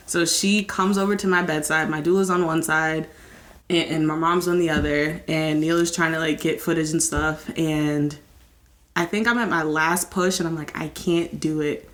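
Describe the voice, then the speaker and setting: A young woman hosting a podcast, with a fairly low speaking voice. She tells an emotional story candidly and slips into animated voices when she quotes people. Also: moderate pace. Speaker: podcast host.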